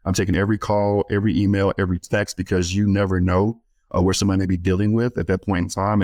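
A man's voice: sits low, a little mellow, no echo. A man being interviewed as a guest on a podcast. He works with student athletes and speaks earnestly in a storytelling way, with frequent fillers and restarts.

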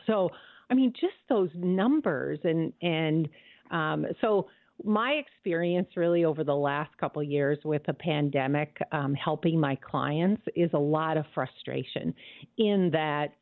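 A woman, a financial advisor on a radio show, chatting and thinking out loud. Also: deep voice, animated, unhurried, no echo, narrow, tinny audio. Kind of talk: radio talk show chat.

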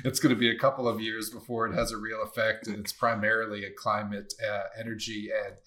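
A man with a somewhat low voice co-hosts a casual podcast conversation. He is blunt and opinionated and swears without thinking twice. He reasons out loud in long, rambling sentences. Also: level tone, fast. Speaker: podcast co-host.

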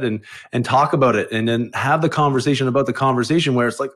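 A man's voice: mid-range voice, quick pace, few pauses, a bit bright. A middle-aged man with a mid-range voice speaks as a guest on a podcast. His talk is earnest and reflective, and he repeats phrases to drive a point home. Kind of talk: casual podcast chat.

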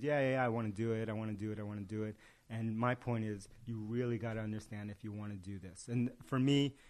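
A man's voice: on the low side, darkish tone. A man in casual conversation, telling a story and acting out its dialogue. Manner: tells parables with acted-out dialogue.

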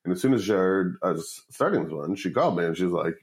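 A man with a fairly low voice tells a long, rambling story in a casual interview, full of swearing. He acts out the people he quotes with lively jumps in his delivery. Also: quick pace, low-quality recording. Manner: profane, rambling, animated quoting of others. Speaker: guest, startup founder.

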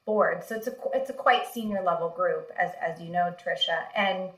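A woman guest, a marketing executive, telling career stories in a casual interview, animated, laughing often and using many fillers. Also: fairly low pitch, moderate pace, echoey room, poor audio.

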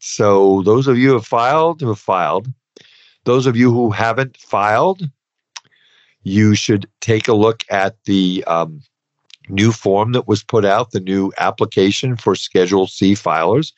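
A man's voice: on the low side, lively intonation, a little slow, dry recording. A man hosting a podcast, explaining rules in a conversational way with frequent asides and restarts. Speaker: podcast host advising dentists on taxes. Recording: dry, slightly dull podcast audio.

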